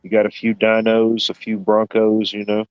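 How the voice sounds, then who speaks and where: A man's voice: on the low side, completely flat delivery, moderate pace, clean tone, no echo, muffled recording. A man hosting a casual live stream, joking and rambling, peppering his talk with "you know what I mean". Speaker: stream host.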